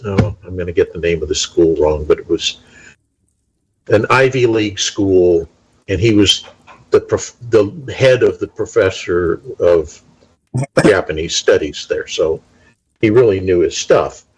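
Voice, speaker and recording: Middle-aged guy, really deep husky voice, telling a story slow and steady. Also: poor audio. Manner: measured, unhurried storyteller. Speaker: talk show participant. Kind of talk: casual chat.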